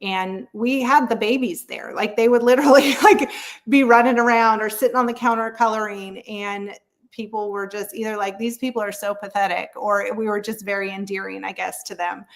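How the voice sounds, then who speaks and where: A woman's voice: mid-range voice, fairly even intonation, normal speed. Frank, chatty woman telling her story. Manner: frank, chatty, laughs often, many fillers. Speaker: real estate agent guest. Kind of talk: candid storytelling interview.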